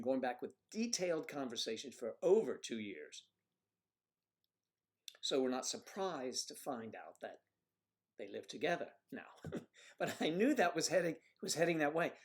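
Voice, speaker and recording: Rambling man hosting a livestream. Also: mid-range voice. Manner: rambling, drifting into soft mutters while clicking around. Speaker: livestream host. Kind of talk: casual livestream chat reading viewer messages.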